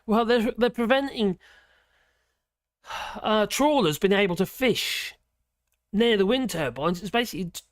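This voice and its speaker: A man's voice: high voice, no room sound, clean studio sound. A man from Norfolk with a Norfolk accent, hosting a casual livestream chat, rambling with many fillers, chuckles and exclamations. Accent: Norfolk English. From Norfolk, England. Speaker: livestream host.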